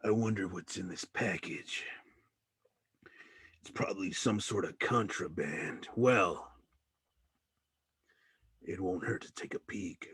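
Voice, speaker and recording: Husky low guy doing mock-dramatic narration, slow, dead dry sound. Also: fairly bright tone, no room sound. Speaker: podcast host. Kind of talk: improvised parody narration.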